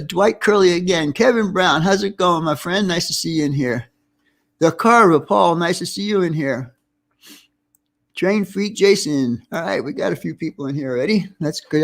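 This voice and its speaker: A man hosting a casual livestream, chatty and reading out viewer names with friendly greetings. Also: high-pitched. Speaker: livestream host.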